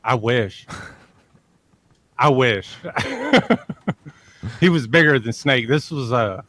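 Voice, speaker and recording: A man's voice: medium pitch, big pitch swings, extremely slow, a bit bright, dry recording. A man telling a long personal story as a podcast guest. He rambles, repeats himself and curses freely. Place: lives near a large army base in Texas.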